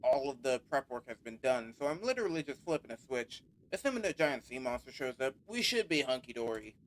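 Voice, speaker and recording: A man's voice: mid-range voice, sing-song, a little fast, a little hiss or hum, natural voice. A man voicing a laid-back, easygoing electrician in a game with a put-on accent, saying "mate" and "no worries". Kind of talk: reading game dialogue aloud.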